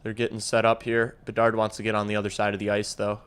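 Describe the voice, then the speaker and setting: A man's voice: on the low side, completely flat delivery, quick pace, a bit bright, clear, resonant tone. A young man hosting a hockey watch-along stream, calling the play casually, swearing freely and talking to his chat. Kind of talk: casual live play-by-play reaction.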